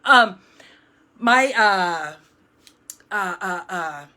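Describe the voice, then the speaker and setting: A woman's voice: medium pitch, animated, very slow, pushed and bright. A middle-aged woman hosting a live craft stream from home, chatting in an upbeat, rambling way with lots of fillers and restarts. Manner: jumpy, self-described. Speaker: card-making demonstrator hosting a live stream.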